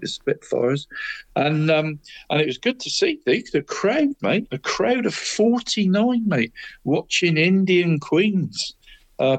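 Chatty man reading football results. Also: mid-range voice. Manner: chatty, says "mate" after almost every phrase. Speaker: co-host of a local football podcast. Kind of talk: casual chat, reading out results.

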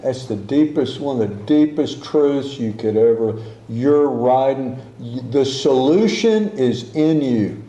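A male pastor gives an unhurried sermon in a warm, mellow voice. He talks to the congregation like a conversation, repeats key phrases and stops to correct himself. The voice rings out in a roomy church hall. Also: medium pitch, animated. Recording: echoey room.

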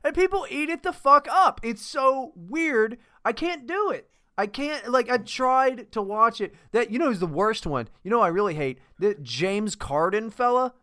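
A man's voice: very high-pitched, animated, normal speed, bright, forceful tone. A man co-hosting a podcast in casual, profane, rambling chat, often breaking into laughter. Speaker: podcast co-host.

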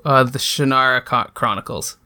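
A man's voice: mid-range voice, moderate pace, pushed and bright, smooth. A man chatting as a podcast guest, rambling and hesitant, with many fillers. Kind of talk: casual interview chat.

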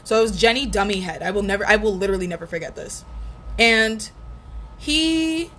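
A vlogger in her twenties tells a personal breakup story casually, with blunt, profane candor. Her middle-pitched voice is animated, brisk, and a bit bright, with a faint hiss of background noise behind it.

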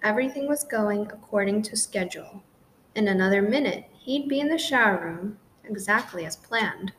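A woman narrating a children's storybook in a gentle, clear reading style. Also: mid-range voice, animated, normal speed, slight background noise, rough recording.

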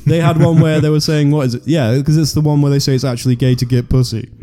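A man with a deep voice and a northern English accent from near Yorkshire, chatting casually and laughing often on a comedy podcast. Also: steady tone, fast, dark tone, soft background music. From North Lincolnshire, England.

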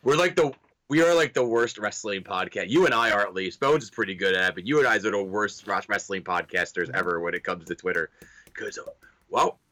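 Pria santai bersuara terang dan tajam. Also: male voice, on the low side, brisk, bright, forceful tone. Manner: blunt, slangy, says "dude" often. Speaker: podcast co-host. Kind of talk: casual chat.

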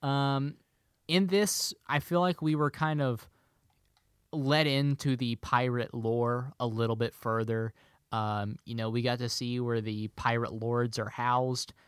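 Male podcast co-host, playful quizmaster, mid-pitched, dry close sound. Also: level tone, unhurried, clean tone, dry recording. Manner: playful, quizzing with a hammy pirate delivery. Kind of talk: casual movie podcast chat.

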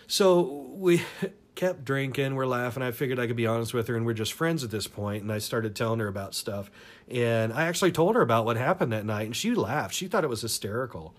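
A man spins a crude personal anecdote in an easy, casual way. He rambles, swears freely and chuckles at his own story. His voice sits at an ordinary middle pitch. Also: normal speed. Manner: rambling, profane, laughs through his stories.

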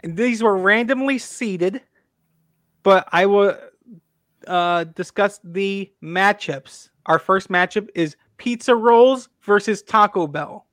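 Man, podcast host, rambling chatty delivery, fairly high pitch, dry close sound. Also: slow pace, fairly bright tone, no echo. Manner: rambling, many restarts and fillers. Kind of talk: casual podcast chat.

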